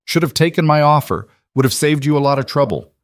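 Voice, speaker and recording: A man doing a rough, mocking cattle baron villain. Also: on the high side, expressive, brisk, no room sound, clean studio sound, pitched above the performer's own voice. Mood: taunting. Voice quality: rough, amused drawl. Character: big menacing rancher villain, mocking and rough.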